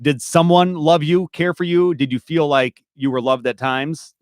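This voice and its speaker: A man's voice: fairly high pitch, fairly even intonation, moderate pace, no room sound, studio quality. A man hosting a podcast, reflective and asking probing questions. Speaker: podcast host. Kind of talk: conversational podcast talk.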